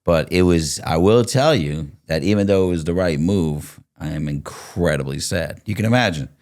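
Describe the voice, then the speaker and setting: A middle-aged male host with a very deep voice leads a casual interview. He talks directly and bluntly, like someone chatting with a longtime friend. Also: animated, normal speed, a little mellow. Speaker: podcast host.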